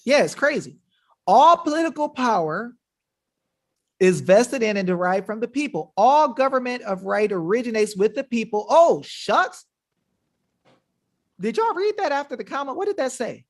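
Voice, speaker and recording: A man's voice: very high voice, sing-song, moderate pace. A man hosting a webinar in an emphatic, combative, slangy manner, talking casually to his viewers. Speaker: webinar host. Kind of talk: fiery casual livestream talk.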